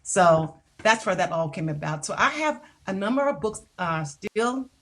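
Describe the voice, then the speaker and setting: An older American woman, a singer and author, chats as a guest in a casual interview. Her mid-range voice moves at a normal pace as she tells stories with animation, laughing often and hesitating with fillers.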